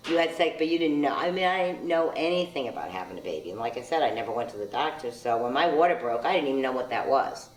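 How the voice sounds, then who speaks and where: Older woman, very low voice, birth mother, frank recounting, far roomy mic. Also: animated, quick pace, few pauses. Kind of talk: documentary interview.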